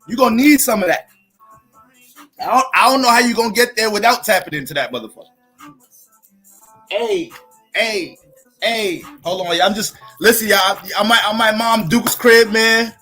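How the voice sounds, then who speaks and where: A man hosting an astrology livestream from his family home, hyped and profane, shouting out viewers in casual chat. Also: high voice, animated, moderate pace, husky, soft background music, rough recording.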